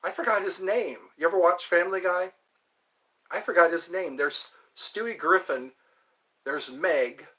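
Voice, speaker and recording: Chatty, rambling man with a bright voice. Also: high voice, unhurried. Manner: rambling, chatty, thinks aloud and digresses. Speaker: host. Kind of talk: casual livestream chat.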